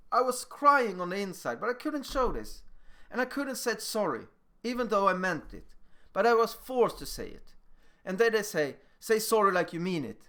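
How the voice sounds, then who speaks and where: Animated young man telling his story. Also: sits high. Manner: animated, emphatic, acts out moments. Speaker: lecturer. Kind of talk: personal storytelling lecture.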